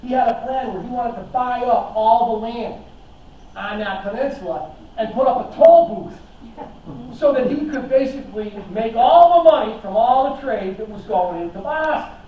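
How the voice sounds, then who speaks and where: A man's voice: extremely high pitch, moderate pace. A man giving a casual slideshow history lecture, chatty and enthusiastic, with plenty of fillers and restarts. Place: historical society lecture room. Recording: echoey, dull, from far off, faint hiss.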